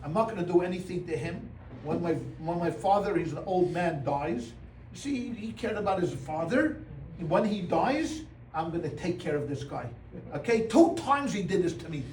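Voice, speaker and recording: Speaking at normal speed, a higher-voiced male rabbi gives a joking, storytelling Torah class to a live audience, animatedly playing the characters and using Yiddish exclamations. The mic sits at a distance in a roomy hall, picking up faint room noise.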